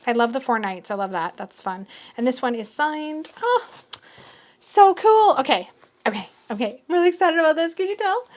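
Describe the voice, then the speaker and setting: A woman in a casual unboxing chat, gushing and excitable, gasping and squealing as she shows off a new tarot deck. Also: fairly high pitch.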